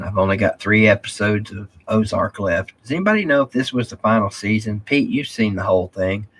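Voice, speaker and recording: A man with a drawl hosts a casual live stream, chatting loosely and answering viewer comments as he goes. His voice sits on the low side and carries a husky, slightly breathy edge. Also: animated, fairly quick, few pauses, fairly bright tone. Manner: rambling, drawling, reads viewer comments aloud. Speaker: live stream host reading chat.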